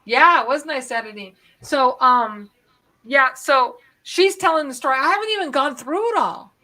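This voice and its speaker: A middle-aged woman hosts a live stream, telling a long story in a rambling, animated way. Her voice sits a little high, and she keeps acting out parts of the tale as she talks. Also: normal speed. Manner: rambling, animated, acts out moments. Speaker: host.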